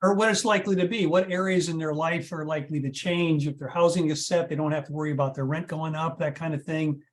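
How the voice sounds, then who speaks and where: Man, guest expert, hesitant, restarts, somewhat high pitch, video call. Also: fairly even intonation, quick pace. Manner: hesitant, lots of restarts and uh's. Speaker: guest advisor. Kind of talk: casual expert answers.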